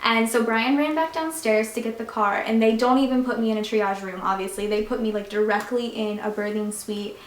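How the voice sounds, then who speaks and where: A woman's voice: a little high, steady tone, brisk, hardly any pauses. A young woman casually retelling a personal story on a vlog, chatty and full of fillers. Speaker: vlogger. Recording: echoey room.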